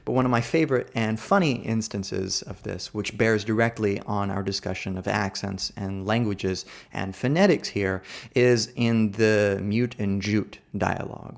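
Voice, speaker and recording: An American man giving a literary lecture, explaining in a thoughtful, measured way. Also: fairly low pitch, vocal fry.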